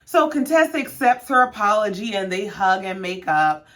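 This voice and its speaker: A woman's voice: mid-range voice, moderate pace. A woman in her thirties, a sassy, slangy host recapping a reality show in casual commentary. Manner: sassy, slangy, animated storytelling.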